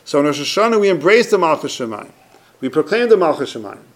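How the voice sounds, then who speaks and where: Lively, gravelly man teaching a Torah class. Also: on the high side, fast. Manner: emphatic, repeats points, asks and answers his own questions.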